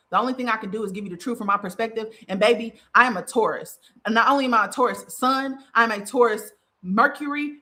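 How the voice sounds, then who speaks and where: Speaking in a pushed, bright mid-range voice, the young woman hosts a talk show as a podcast host and spiritual advisor. Her spiritual advice comes as a blunt, profane, heated, emphatic monologue, and she mimics the people she quotes in mocking voices.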